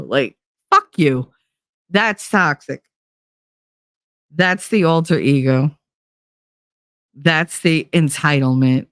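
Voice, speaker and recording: A woman's voice: low-pitched, slow pace, long pauses, no echo, studio quality. Blunt, swearing woman venting on a podcast. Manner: blunt, profane, emphatic storytelling. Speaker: podcast host. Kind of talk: casual podcast monologue.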